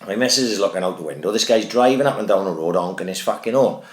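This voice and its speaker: A man, co-hosting a casual podcast and telling a long, sweary, animated anecdote. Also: sits low, quick pace, reverberant. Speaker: podcast co-host. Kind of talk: casual chat, storytelling.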